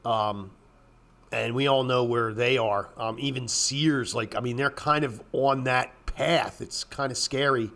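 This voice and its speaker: A man hosting a casual trading show, rambling bluntly with profanity and frequent throat clearing, working up into exasperated rants. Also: medium pitch, fairly even intonation, measured pace, fairly bright tone. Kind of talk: casual market commentary.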